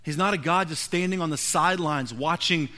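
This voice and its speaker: A man preaching a sermon, earnestly building to pointed rhetorical questions and then falling to a hushed, quiet delivery. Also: on the high side, fairly quick. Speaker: pastor.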